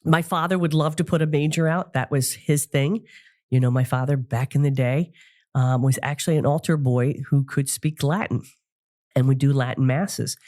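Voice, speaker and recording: A middle-aged woman hosting a podcast, talking casually and warmly about family memories with frequent fillers and laughs. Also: extremely low pitch, steady tone, normal speed. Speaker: podcast host and psychic medium. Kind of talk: casual solo podcast talk.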